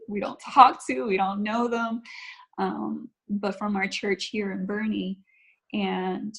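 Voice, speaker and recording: A woman from Texas sits as a guest on a faith talk show and tells her story casually, at an average pitch. She brings each moment to life, often slipping into the voices of the people she quotes. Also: rough recording. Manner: animated storytelling, acts out quotes. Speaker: guest, mother. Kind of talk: casual conversation.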